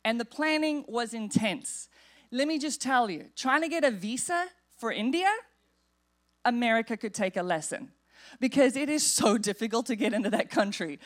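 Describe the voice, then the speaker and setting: A woman pastor preaching in a church, telling a personal story in an animated, humorous way. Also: fairly high pitch, normal speed. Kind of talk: storytelling sermon. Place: church sanctuary.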